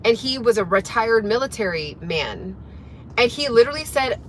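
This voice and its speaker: A woman's voice: a little high, expressive, normal speed, a little hiss or hum. Chatty young woman talking while driving. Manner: chatty, motivational, lots of fillers and restarts. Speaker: fitness coach and livestreamer. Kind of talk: casual livestream chat while driving. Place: in a car.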